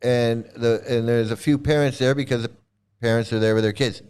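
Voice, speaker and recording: A man's voice: mid-range voice, steady tone, a little fast, darkish tone, smooth. A man giving casual video commentary, sarcastic and rambling with many restarts.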